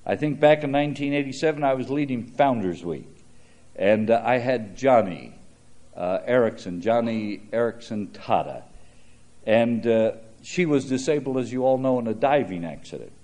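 A man's voice: medium pitch, animated, normal speed, darkish tone. An older man preaching a sermon, telling stories in a conversational way with frequent "uh" fillers. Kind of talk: sermon with storytelling.

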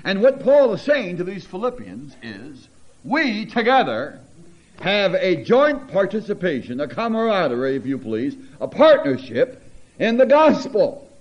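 A man preaching a sermon, reading scripture aloud with teacherly asides and building to emphatic, animated peaks. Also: high-pitched, measured pace. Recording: dull lo-fi recording.

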